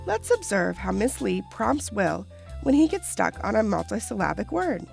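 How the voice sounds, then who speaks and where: A woman reads scripted instructional narration in a clear, measured way. Her voice carries a heavy gravelly fry and moves up and down a lot in pitch. Soft music plays faintly underneath. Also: sing-song. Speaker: training video narrator.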